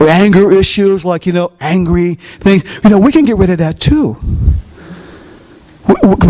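A male pastor preaches in church, his voice a touch higher than most men's. He tells stories and keeps turning to the congregation with questions. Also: darkish tone. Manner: storytelling, asks the congregation questions. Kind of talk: sermon.

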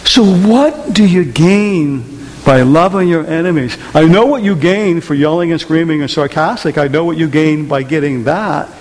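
High-voiced preacher in a reverberant hall. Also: male voice, moderate pace. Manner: conversational preaching with many rhetorical questions to the congregation. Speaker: pastor. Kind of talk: sermon. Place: church hall.

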